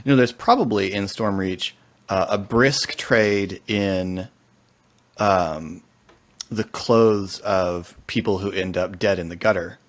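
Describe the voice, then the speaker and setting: Low-voiced guy running the game, dry and wry. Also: slow pace. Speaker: game master.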